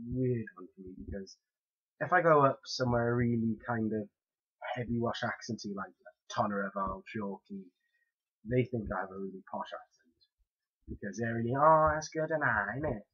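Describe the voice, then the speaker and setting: A man's voice: medium pitch, normal speed, a bit bright, husky. A young man with a Welsh accent, rambling casually through questions in an audio post, hesitant and full of fillers. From Wales. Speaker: audio blogger. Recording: dull lo-fi home recording.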